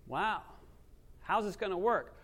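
A man preaching a sermon, swinging from loud emphasis to near-quiet asides and acting out quoted voices. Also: high voice, lively intonation, a little slow. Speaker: pastor.

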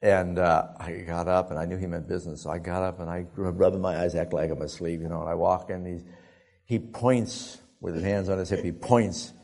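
A male preacher telling a story in a sermon, animated and often laughing as he talks. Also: low voice, a little fast.

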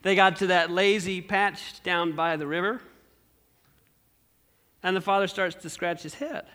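A male pastor preaching a sermon through an animated story, asking the congregation questions. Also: high voice, measured pace.

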